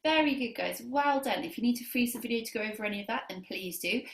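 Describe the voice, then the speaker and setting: A woman's voice: fairly high pitch, fast talker, vocal fry, reverberant. A woman teaching a beginner clarinet lesson on video, counting students in and giving lots of praise. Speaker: music teacher.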